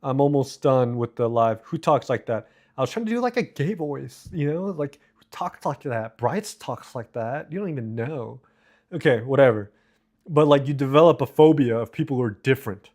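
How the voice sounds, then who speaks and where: A man's voice: medium pitch, expressive, darkish tone. Profane rambling male streamer. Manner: profane, rambling, quick asides. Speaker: live streamer. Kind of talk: casual live-stream chat, reading comments aloud.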